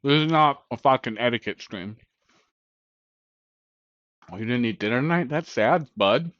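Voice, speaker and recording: A man's voice: medium pitch, expressive, normal speed, a bit bright, dry recording. A man hosting a casual cooking live stream, chatting bluntly and profanely while he eats, heard on dull lo-fi stream audio.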